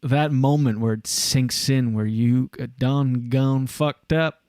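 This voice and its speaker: A male podcast host telling a long, meandering story in casual chat. He talks at an ordinary middle pitch, full of fillers. The sound is dry and close. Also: steady tone, slow, darkish tone, clear, resonant tone, no echo. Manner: rambling storyteller, lots of fillers. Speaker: show host.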